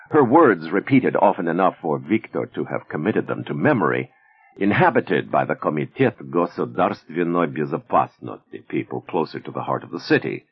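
Deep creaky guy reading a novel, lots of ups and downs, kinda husky, dull sound. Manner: measured, expressive storytelling. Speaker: narrator. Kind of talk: audiobook narration.

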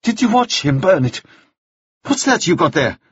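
A man's voice: high-pitched, very animated, normal speed, breathy edge, dry recording, highs cut off, pitched above the performer's own voice, full character voice. A man reading an audiobook, voicing an anxious, irritable employer in a raised, clipped voice. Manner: tense and clipped. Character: anxious, irritable male employer, sharp-tongued.

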